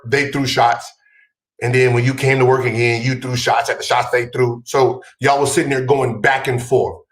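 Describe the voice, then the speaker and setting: A man hosting a podcast, talking heatedly and profanely in a casual conversation, rising to shouts. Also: mid-range voice, reverberant. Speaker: podcast host.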